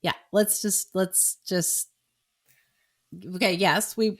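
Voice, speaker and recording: A middle-aged woman hosting a podcast in casual chat, playful and talkative, dropping to low mutters and jumping to high exclamations. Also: fairly even intonation, slow pace. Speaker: podcast host.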